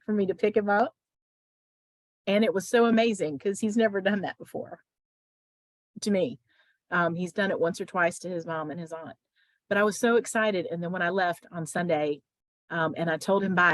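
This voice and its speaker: A woman on a video call at an open mic, telling a personal story with many pauses, then reading her spoken-word poem. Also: fairly low pitch, dry recording. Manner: halting with fillers, gets emotional.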